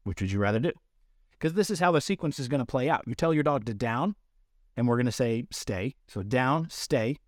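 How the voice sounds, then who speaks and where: A man's voice: mid-range voice, animated, a little fast, no echo, studio quality. A man hosting a podcast, explaining dog training in a practical, instructional way with everyday comparisons. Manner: explanatory, uses everyday analogies.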